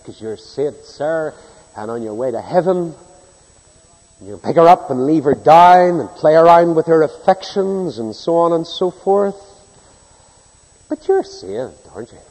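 A man preaching a sermon, telling anecdotes and acting out the people in them, swinging from hushed to loud. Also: on the high side, a little slow. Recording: echoey hall with long reverb.

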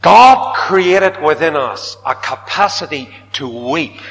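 A man preaching a sermon, swinging dramatically from loud declaiming to hushed whispers. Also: medium pitch, a little hiss or hum. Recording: reverberant hall.

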